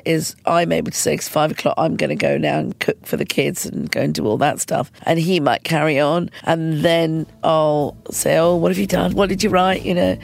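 A woman filmmaker from Britain answering interview questions in a lively, conversational way, laughing often. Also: lowish voice, creaky. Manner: lively, laughs often, quotes others in animated voice. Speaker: film director being interviewed.

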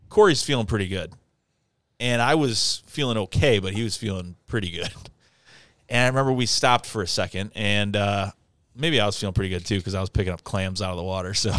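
Animated, swearing storyteller man. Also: mid-range voice, dry recording. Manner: animated storyteller, swearing, acting out a friend's angry yelling in a raised voice. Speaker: podcast co-host telling a story. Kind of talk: casual storytelling chat.

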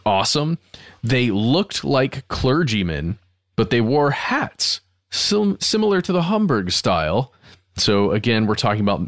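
Lively, expressive male podcast co-host. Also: medium pitch, no room sound, clean studio sound. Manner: lively, laughs easily, expressive reading. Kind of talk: casual conversation, reading quotes.

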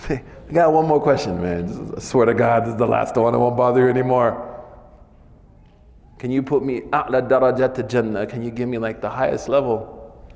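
A man's voice: medium pitch, normal speed, gravelly, pauses often, darkish tone, long reverb tail. A man giving an informal religious lesson in a casual, chatty way, often tacking "man" onto his sentences. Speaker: religious teacher.

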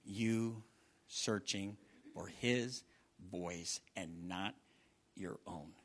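A middle-aged man preaching a sermon, swinging from loud bursts down to hushed near-whispers. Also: deep voice, drawn-out words. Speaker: pastor.

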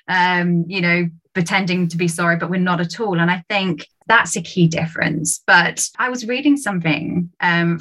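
Lively British woman, bright tone. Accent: British English. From United Kingdom. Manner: animated, laughs often, jumps high when quoting people. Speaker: podcast guest, sales trainer. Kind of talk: casual podcast chat.

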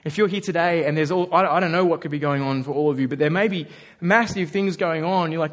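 A preacher with a fairly high voice, speaking a little fast, delivers a sermon to his congregation. He stays animated and conversational, slipping into the voices of the people he quotes.

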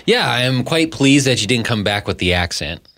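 A man's voice: mid-range voice, very animated, normal speed, a bit bright, a little hiss or hum. A man co-hosting a podcast, trading dry, teasing banter in a casual studio chat. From Canada. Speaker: podcast co-host.

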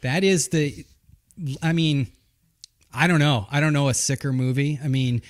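A man's voice: a little high, normal speed. A man hosting a podcast in casual chat, telling stories with lots of laughter. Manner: animated storyteller, laughs often, does voices. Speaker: podcast host.

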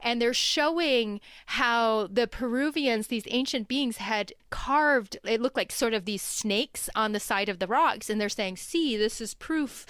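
Woman guest, lively storyteller, smooth clear voice, dry close sound. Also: on the high side, a little slow, hardly any pauses, dry recording. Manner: animated, laughing storyteller. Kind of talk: casual storytelling. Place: home.

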